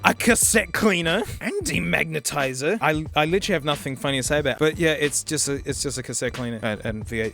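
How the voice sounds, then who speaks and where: An Australian man hosting a casual gadget review, jokey and animated, full of slang. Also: a little high, quick pace, creaky, few pauses. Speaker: YouTube host reviewing gadgets.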